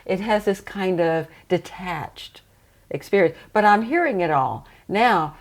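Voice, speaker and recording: An older woman, a trance channeler, talking reflectively in a relaxed interview and laughing often. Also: on the low side, measured pace.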